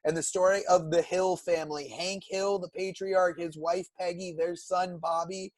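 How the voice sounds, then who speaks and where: A young man with a fairly high voice, recorded dry and close. He chats casually as a podcast co-host, eagerly walking through episodes and favorite characters at length. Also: little pitch movement, moderate pace, dry recording. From California. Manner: enthusiastic, recounts plots at length. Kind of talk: casual chat.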